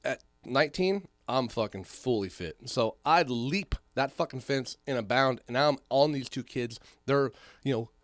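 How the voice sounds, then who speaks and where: As a podcast co-host in casual conversation, a man spins a long story, swearing constantly and performing the voices of its characters. His voice is medium in pitch at a moderate pace, recorded at studio quality with no room sound.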